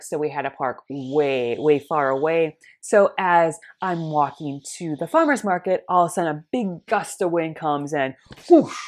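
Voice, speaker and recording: A woman telling a personal faith story in an animated way, acting out the dialogue in different voices. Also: sits low.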